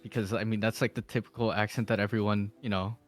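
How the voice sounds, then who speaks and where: A man's voice: fairly low pitch, little pitch movement, quick pace, faint music behind. A man talking as a podcast guest in casual chat, rambling with fillers and restarts and laughing often. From Philippines.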